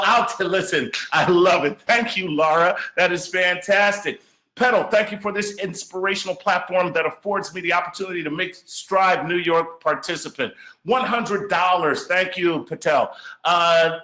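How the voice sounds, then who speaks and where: A man's voice: high-pitched, bright, forceful tone, echoey room. A man hosting a live charity gala stream, reading out donations and cheering viewers on. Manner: upbeat, reads donor messages, cheers on viewers.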